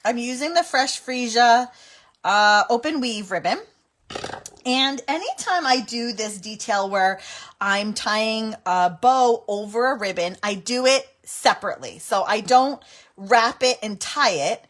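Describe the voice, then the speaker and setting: A middle-aged woman hosts a live crafting stream, narrating each step in a chatty, giggly way. Her voice sits a little high for a woman, and she keeps talking to viewers as she works. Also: a little slow, a bit bright. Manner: chatty, giggly, breaks into helpless laughter. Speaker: card-making livestream host.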